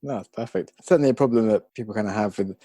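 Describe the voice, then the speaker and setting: Fast-talking British male podcast host. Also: on the low side, no echo, clean studio sound. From Britain. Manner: energetic, chatty, laughs often. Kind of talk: casual podcast conversation.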